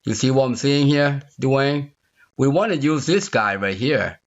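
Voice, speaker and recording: Working through code in an unscripted screen recording, a tutorial instructor thinks out loud, slowly and without hurry, repeating himself and asking the viewer "you see there?" to make sure they follow. His voice is mid-range, and the computer-mic audio sounds slightly dull and lo-fi.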